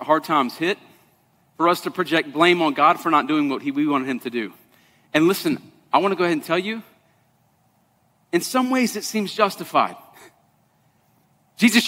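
Male pastor, high bright voice, conversational preaching, long hall reverb. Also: moderate pace. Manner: conversational preaching, drops to soft intense tones. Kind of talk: sermon. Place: church sanctuary.

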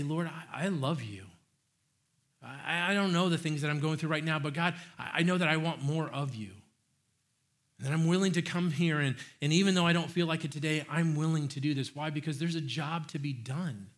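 A man preaching a sermon as pastor, animated and earnest, acting out excited praise and restarting his phrases. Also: on the high side. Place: church.

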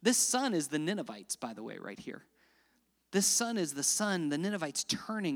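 A man preaching a sermon, swinging dramatically between loud emphatic lines and hushed, quiet ones. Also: a little high, sing-song, normal speed, big-room sound. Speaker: pastor.

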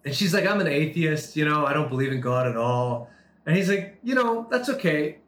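A man's voice: on the high side, expressive, a little fast, a bit bright, echoey room. A man preaching a sermon, telling a story with earnest emphasis and acted-out dialogue. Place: Turkey.

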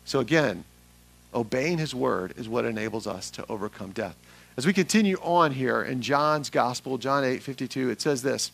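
A young adult man from Atlanta, preaching a sermon to a congregation, building from quiet reflection to loud emphatic calls. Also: medium pitch, expressive, moderate pace, creaky, slightly rough. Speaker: pastor. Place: church sanctuary with congregation.

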